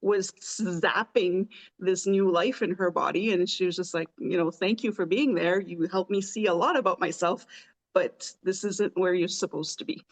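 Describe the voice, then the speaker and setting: A woman's voice: on the low side, moderate pace. Chatty woman host, laughing often. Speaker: podcast host. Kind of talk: casual chat.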